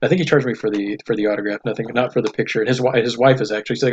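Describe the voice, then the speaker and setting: A man's voice: medium pitch, fairly even intonation, rapid-fire, highs cut off, a little hiss or hum. A man co-hosting a casual podcast, telling a story in a loose, rambling way with lots of fillers and laughs. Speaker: podcast co-host. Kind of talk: casual chat.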